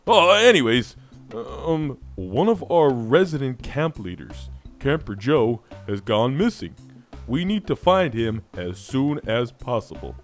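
A man doing a camp master in an improvised game role-play who drags out every word at a crawl. The voice sits at a middling pitch but still rises and falls, over light background music. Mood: worried. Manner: very slow, drawn-out, boring monotone delivery. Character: slow, monotonous male camp master.

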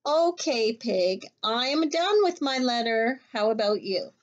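An eager little male rabbit from a picture book, all excitement and questions, as a woman reading aloud puts him on. He squeaks up high and talks slowly. The recording sounds dull and lo-fi.

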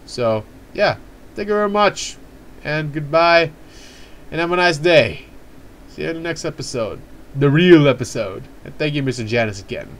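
A young man commenting casually on a video game he is playing, talking in a hyper, rambling, excitable way. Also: a little high. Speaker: let's play host.

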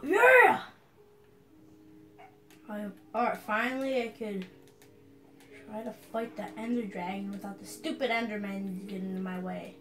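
A woman streamer giving excitable gameplay commentary, yelling at the enemies on screen. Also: medium pitch, normal speed, over music.

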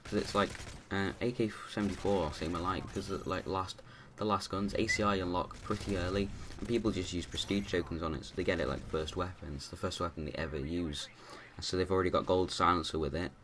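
A man's voice: deep voice, fairly even intonation, fast, hardly any pauses, noisy background. A man giving rambling, casual commentary over his own gameplay, full of restarts and fillers.

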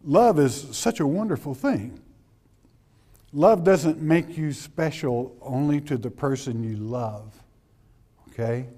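A man's voice: fairly high pitch, takes it slowly, warm tone. A middle-aged man preaching an expository sermon verse by verse in a folksy, emphatic way, often checking in with his listeners.

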